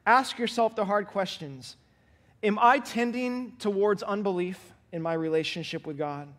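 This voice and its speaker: High-voiced earnest male preacher. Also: normal speed, a bit bright. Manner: earnest, emphatic preaching with repeated exhortations. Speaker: pastor. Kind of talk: sermon.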